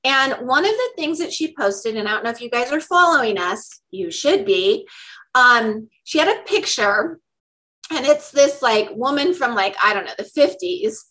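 A woman with a high, bright voice co-hosts a casual podcast. She tells her story in a chatty, animated way. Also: normal speed, rough recording. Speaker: podcast co-host. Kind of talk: casual chat.

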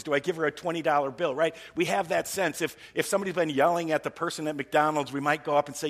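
A man's voice: fairly high pitch, steady tone, quick pace, hardly any pauses, a bit bright. A man preaching a conversational sermon as pastor, putting rhetorical questions to the congregation. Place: church service. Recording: long reverb of a large hall.

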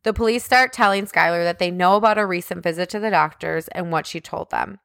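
A woman's voice: fairly low pitch, brisk, creaky, a bit bright, no room sound, studio quality. A woman co-hosting a podcast, retelling a criminal case in casual chat, full of "like" fillers and indignant asides. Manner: chatty, heavy use of "like" as a filler. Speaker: podcast co-host. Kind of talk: casual true-crime chat.

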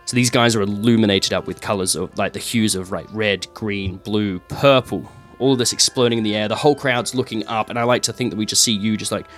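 A man's voice: lowish voice, fairly even intonation, fairly quick, few pauses, fairly bright tone, soft background music. A man narrating a tabletop game as game master, describing scenes with many fillers and sound effects.

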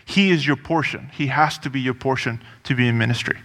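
A man's voice: mid-range voice, a little fast, a bit bright, big-room sound. A man preaching a sermon in a conversational, emphatic way, repeating phrases and dropping in offhand asides.

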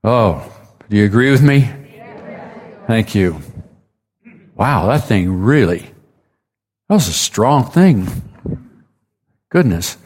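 A man's voice: lowish voice, big pitch swings, slow, pauses often, a little mellow, breathy edge. A man preaching a sermon, retelling a story with casual asides and acted-out quotes.

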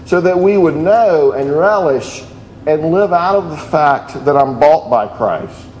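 A man's voice: on the high side, animated, a little slow, a little mellow, a little hiss or hum. A middle-aged man preaching a sermon, earnest and telling stories with many restarts. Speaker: pastor. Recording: echoey room with faint ambience.

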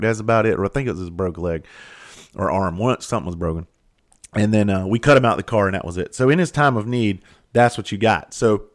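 A middle-aged firefighter telling a story in a casual monologue, blunt and profane, with no filter. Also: male voice, mid-range voice. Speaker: firefighter and podcast host.

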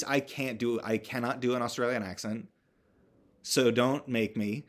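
A young man recapping a movie for his podcast, talking casually with plenty of fillers, false starts and restarts. His tone is sardonic and he swears now and then to land a point, at a middle pitch. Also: normal speed. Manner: rambling, full of fillers and restarts. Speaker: podcast host.

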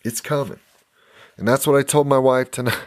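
A middle-aged man talks straight to his listeners in an earnest, impassioned monologue, now and then laughing between his stories. His voice sits at an ordinary mid-range pitch. The recording is close and dry, with no room sound. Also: steady tone, moderate pace, no room sound. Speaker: podcast host.

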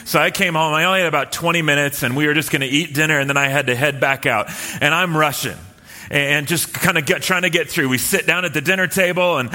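A man preaching a sermon in a relaxed, storytelling way, with many fillers and restarts. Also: a little high, fast talker, in a large hall. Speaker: pastor. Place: church hall with live and online audience.

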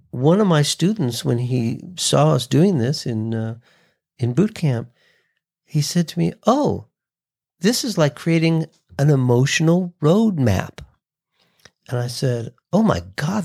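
A man hosting a podcast, teaching voice delivery in a relaxed conversational way and acting out short sample reads. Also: medium pitch, vocal fry. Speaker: voice coach and podcast host. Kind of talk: casual instructional talk.

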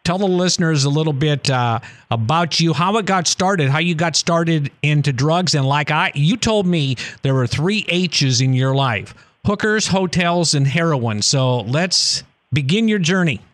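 A man hosting a radio talk show, upbeat and quick to chuckle as he introduces and interviews his guest. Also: on the high side, fairly bright tone, no room sound.

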